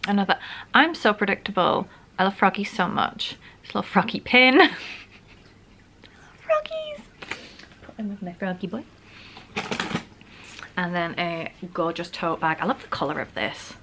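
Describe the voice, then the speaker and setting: A woman's voice: medium pitch, normal speed, sharp tone, a little hiss or hum. A young Northern English woman chatting casually through a gift haul vlog at home, gushing and giggling now and then. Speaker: vlogger. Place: home room. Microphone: camera on a stand.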